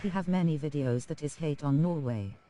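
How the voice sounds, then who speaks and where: A male text-to-speech voice reading out viewer chat messages, including emoji names, in a flat synthetic way. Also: on the high side, a little fast.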